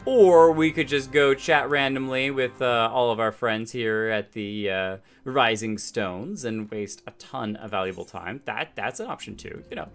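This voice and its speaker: A man's voice: mid-range voice, a little slow, hardly any pauses. A man giving chatty, playful commentary over a game he is playing. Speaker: game streamer. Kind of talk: let's play commentary. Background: game music.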